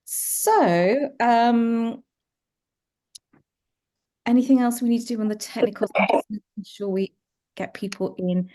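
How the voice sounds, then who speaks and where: A middle-aged woman leading an online meeting from her office, speaking hesitantly with many pauses. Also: on the high side, mellow. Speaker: project lead and host. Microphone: video call.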